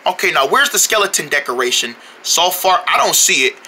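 A man's voice: fairly high pitch, lively intonation, a little fast, heavy background noise, lightly acted. A man voicing a jittery young male cartoon character who claims he is brave but is easily spooked. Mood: nervous. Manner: insists he is brave, nervous and rambling. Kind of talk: homemade cartoon voice acting.

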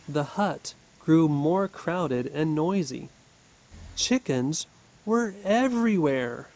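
Slow, careful male storybook narrator. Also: on the high side, a little mellow, slight background noise, low-quality recording. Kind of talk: storybook reading for English learners.

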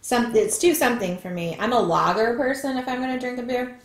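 A woman's voice: fairly high pitch, a little fast. Chatty woman cooking in an echoey kitchen. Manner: chatty, explains steps as she goes. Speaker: cooking channel host. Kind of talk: casual cooking chat. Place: home kitchen.

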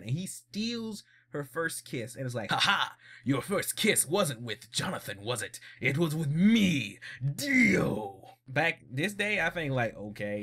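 A man giving a casual, blunt episode recap in a vlog, animated and laughing often. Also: mid-range voice. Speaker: vlogger.

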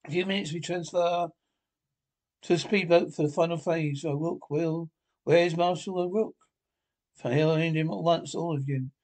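A man's voice: on the high side, fairly even intonation, measured pace, a little mellow, natural voice. A man playing a pompous mad scientist. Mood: commanding. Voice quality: pompous, theatrical. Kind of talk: 1960s TV drama acting.

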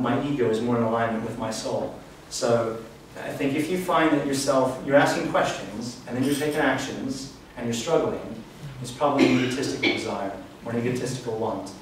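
Male speaker, mid-pitched, earnest and reflective, live talk; roomy echo, far-off mic, light hiss. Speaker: spiritual workshop speaker. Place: event room. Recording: echoey room, distant mic, faint hiss.

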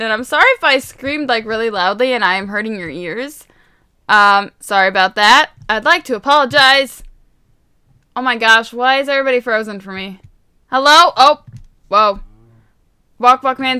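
A woman hosting a game video, giving chatty, excitable play-by-play that bursts into squeals and laughter. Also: on the high side, smooth, no echo. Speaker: gaming video host. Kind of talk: excited let's-play commentary.

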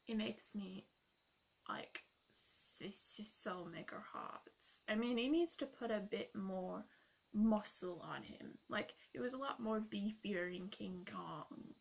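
A snarky, rude young woman with a gravelly, husky voice, as a woman puts her on. She is blunt and sarcastic, swears freely, and mocks everything around her in a comic role-play vlog rant. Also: mid-range voice, heavily acted. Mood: dreamy gushing.

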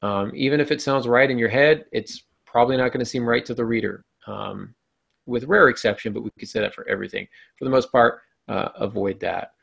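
A man's voice: mid-range voice, brisk, vocal fry, a bit bright, slightly rough. A man co-hosting a podcast on fiction writing, chatty and laid-back in his delivery. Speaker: podcast co-host. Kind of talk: casual podcast discussion on writing.

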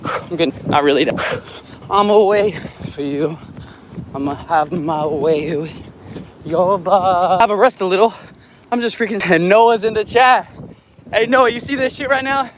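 A man's voice: sits high, measured pace, pauses often, noisy background. Breathless young man running outdoors. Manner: brash, joking, trash-talking. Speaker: vlogger livestreaming a run. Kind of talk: hyped livestream chatter. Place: outdoors on a city street in heat. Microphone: handheld phone camera.

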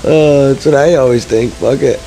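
A man's voice: medium pitch, moderate pace, creaky, mellow, slight background noise, poor audio. A man commenting casually while playing a video game, frustrated and swearing a lot. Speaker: let's-play gamer.

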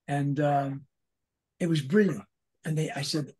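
A man in his eighties, a voice actor guest, telling animated anecdotes in a casual interview, with frequent restarts. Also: on the high side, unhurried, husky. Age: 80s.

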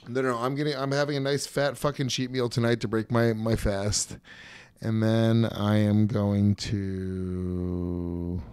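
A man's voice: lowish voice, mellow, no echo. A man in his forties streaming a game, ranting and swearing in casual chat with a close desk mic. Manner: profane, ranting, self-mocking. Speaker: streamer and comedian.

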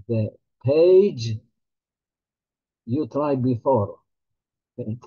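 A man, a rabbi, teaching a holiday Torah class in a halting, earnest way, often repeating his words. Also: medium pitch, expressive, breathy edge, phone-quality sound.

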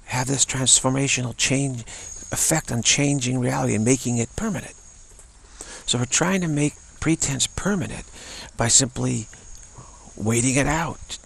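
A man giving an unscripted spiritual talk, halting and repeating words between pauses. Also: mid-range voice, a bit bright. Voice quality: gravelly, husky. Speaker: spiritual teacher.

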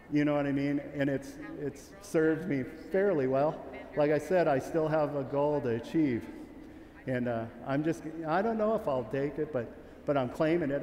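A man's voice: a little high, darkish tone, roomy sound, long reverb tail. A man giving a sheepdog training clinic, talking candidly and in a rambling way, with many restarts, while calling commands to his dog. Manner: calls commands to a working dog. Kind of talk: clinic talk to an audience. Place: large event arena.

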